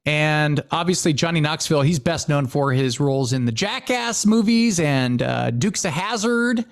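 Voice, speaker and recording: A man co-hosting a casual podcast, his high voice swinging up and down. He laughs often and acts out quotes as he talks. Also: lively intonation, moderate pace, creaky. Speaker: podcast co-host. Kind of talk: casual chat.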